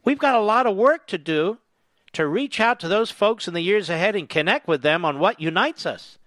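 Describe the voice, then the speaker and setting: A talk radio host with a high, expressive voice reads quotes aloud on his political commentary show and fires back with sarcastic, indignant remarks that build to angry shouting. He speaks at normal speed, and there's no room sound.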